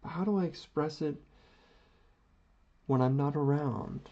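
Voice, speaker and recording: Man, slow and gravelly, rambles in a mock-grand philosophical tone; dull lo-fi audio. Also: fairly high pitch, warm tone. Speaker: vlogger. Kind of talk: slow musing monologue while doodling.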